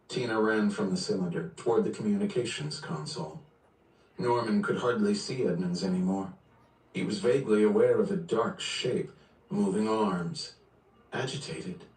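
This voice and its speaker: Male livestream reader, steady measured narration, roomy distant sound. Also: lowish voice. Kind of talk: reading a novel aloud on a livestream.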